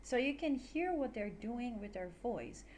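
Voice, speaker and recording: A woman's voice: a little high, lively intonation, a little slow, darkish tone, a little hiss or hum. A young woman teaching an online English lesson, playfully demonstrating intonation with exaggerated examples.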